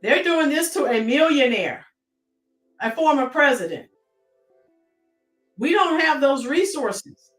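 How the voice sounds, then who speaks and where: A woman's voice: high-pitched, lively intonation, takes it slowly, pauses often, fairly bright tone, roomy sound, recorded from a distance, soft background music. An American woman hosting a live-stream commentary, chatting and greeting her chat viewers by name. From United States.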